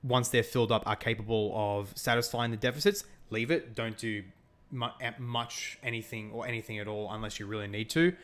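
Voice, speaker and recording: A man's voice: lowish voice, steady tone, brisk, a bit bright. A young Australian man chatting casually while streaming a strategy game, laughing often and answering his chat. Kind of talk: casual gameplay commentary with chat.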